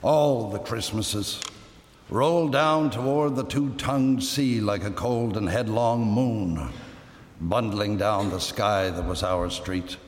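A man reading a story aloud with lively, dramatic storytelling. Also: lowish voice, slow pace. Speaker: reader. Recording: echoey room with long reverb.

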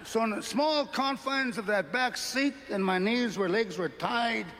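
A man doing stand-up comedy, telling a story in an animated way and acting out scenes with shouts. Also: high-pitched, measured pace, in a large hall, a little hiss or hum. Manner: animated, acts out scenes with shouts and sound effects.

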